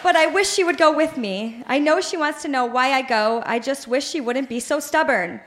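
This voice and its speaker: A woman's voice: high voice, moderate pace, a bit bright, a little hiss or hum. A woman in her late twenties reading her teenage diary aloud at a live show in a bar, dramatic and earnest, with laughter in her voice. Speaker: reader on stage.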